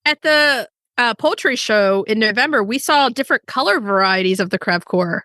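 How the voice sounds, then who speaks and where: Jokey woman co-host, slightly high voice, dry close recording. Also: animated, normal speed, sharp tone, no room sound. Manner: playful, jokey, laughs often. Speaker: podcast co-host. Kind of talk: casual chat.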